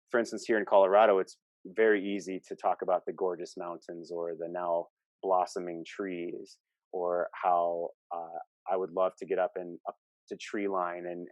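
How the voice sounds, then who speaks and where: A man's voice: deep voice, a little mellow, no room sound. A man co-hosting a relationship coaching talk, explaining earnestly with examples and quoted lines.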